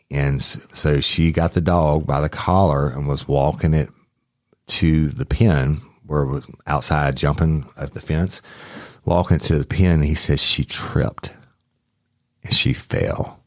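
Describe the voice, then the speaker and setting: A man tells a true-crime story in a rambling, profane way. His voice sits extremely low. The recording is dry and close, with no room sound. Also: measured pace, gravelly, dry recording. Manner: rambling, profane, self-correcting. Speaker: podcast host, former police officer.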